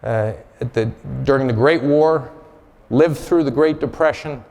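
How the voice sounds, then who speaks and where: A man's voice: mid-range voice, a little slow, darkish tone. A man giving a conference keynote, telling a personal story in a candid, blunt way. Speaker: conference speaker. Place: large conference hall. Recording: long hall reverb.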